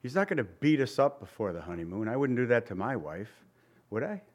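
A pastor of Italian family background delivers a sermon in a middling-pitched voice, very animated and brisk. He speaks conversationally to his congregation, firing off rhetorical questions and sometimes acting out the voices of people he quotes.

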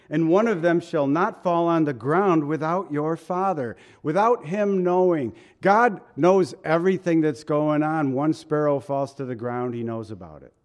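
A man preaching a sermon in a casual, folksy way, asking the listeners questions and laughing at himself now and then. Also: fairly high pitch. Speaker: pastor.

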